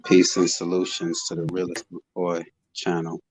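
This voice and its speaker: A man's voice: low voice, completely flat delivery, normal speed, a little mellow, husky. A man hosting a casual live online panel chat, talking in a laid-back, musing way. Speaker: host. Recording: dull dry lo-fi online audio.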